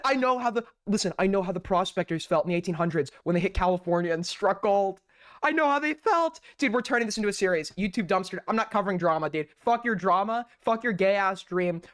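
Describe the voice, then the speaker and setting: A man's voice: high-pitched, a bit bright, no echo, studio quality. A man hosting a live stream, mocking what he watches in profane, ranting commentary. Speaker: streamer host.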